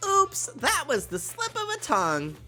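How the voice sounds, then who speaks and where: A stuffed-up man doing a high, mocking robot bear with a sly, theatrical sneer that leaps up and down in pitch. He teases and taunts with a congested nasal edge, and faint music hums underneath. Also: wildly swooping pitch, measured pace, bright, forceful tone, full character voice. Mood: sly taunting. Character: mischievous scheming robot bear mascot, male.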